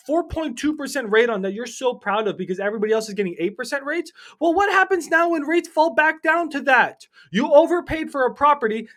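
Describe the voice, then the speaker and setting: A man's voice: very high-pitched, fairly bright tone. A man giving a heated, blunt monologue on real estate investing, swearing, mocking his listeners and repeating points for emphasis. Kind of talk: ranting video monologue.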